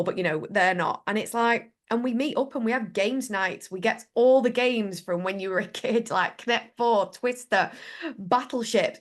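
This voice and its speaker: A woman hosts a casual podcast, chatting in a playful, upbeat way. Her speech runs loose and conversational, packed with "like" and "you know". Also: fairly high pitch. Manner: chatty, playful, many "like" fillers. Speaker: podcast host.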